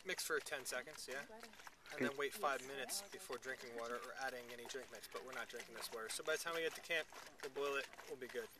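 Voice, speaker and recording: A man's voice: medium pitch, fast talker, crowd noise. A man explaining camp chores in casual talk while out hiking on a mountain trail. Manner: explains steps as he goes. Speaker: hiker filming a trip. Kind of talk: casual outdoor chat.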